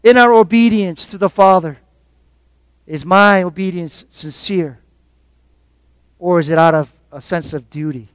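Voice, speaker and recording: A man preaching a sermon to his congregation, calling out for responses and swinging between quiet reflection and loud exhortation. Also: high voice, unhurried, long pauses, clear, resonant tone, no room sound. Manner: call-and-response preaching, rising and falling in force. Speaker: pastor.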